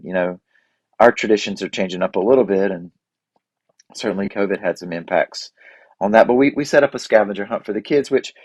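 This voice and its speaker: Folksy, low-voiced man in his forties. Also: a little mellow, no room sound. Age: 40s. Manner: rambling, self-deprecating, folksy. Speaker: podcast host. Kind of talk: casual reflective monologue.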